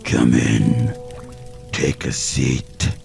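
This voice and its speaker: Un hombre que da voz a un guardián siniestro de un reino de pesadillas, en una intro de terror lenta y amenazante. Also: male voice, extremely low pitch, little pitch movement, music in the background, voice pushed down, full character voice. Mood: ominous. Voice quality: gravelly, slow and menacing. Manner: ominous, drawn-out welcome. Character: sinister deep-voiced male keeper of a realm of nightmares. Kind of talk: horror channel intro.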